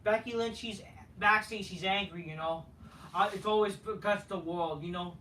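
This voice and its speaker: Guy ranting about wrestling, swears a lot, bright edgy voice, echoey room, kinda far from the mic. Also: high-pitched, moderate pace. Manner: profane, dismissive, rambling. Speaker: wrestling show reviewer. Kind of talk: casual ranting review. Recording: roomy, faint noise, from a distance.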